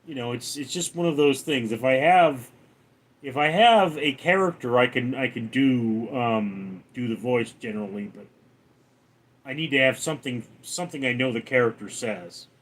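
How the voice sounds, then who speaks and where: A man hosting a casual livestream, reading viewer comments aloud in a raised voice and answering them lower and faster. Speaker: livestream host.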